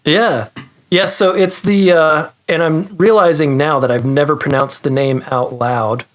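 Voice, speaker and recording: A man's voice: fairly high pitch, steady tone, measured pace. Rambling self-deprecating male podcast guest. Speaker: guest, guitar pedal maker. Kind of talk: casual interview chat.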